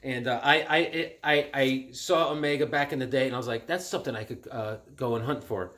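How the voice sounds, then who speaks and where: A middle-aged man chatting casually and excitedly at home as he shows off his flea market comic finds. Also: mid-range voice, fairly quick. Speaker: comic collector vlogger. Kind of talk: casual show-and-tell vlog.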